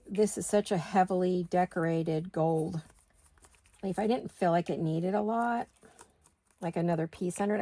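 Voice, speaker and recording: Gravelly-voiced woman chatting while crafting. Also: on the low side, mellow. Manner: chatty, thinking aloud while working. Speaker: craft video host. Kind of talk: casual craft-along chat.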